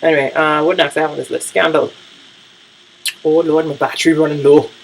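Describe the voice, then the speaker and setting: A gravelly, creaky voice rambles through a casual recap of the week's television. The talk is blunt and laced with profanity, full of "um" and "like" as thoughts wander. It has the loose feel of a vlogger talking straight into a camera mic. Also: mid-range voice, level tone, a little fast, very noisy. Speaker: vlogger reviewing TV shows.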